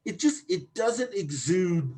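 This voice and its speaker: A man's voice: high-pitched, very animated, takes it slowly, warm tone. A man hosting a podcast in casual chat, talking in a brash, crude and provocative way. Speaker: podcast host.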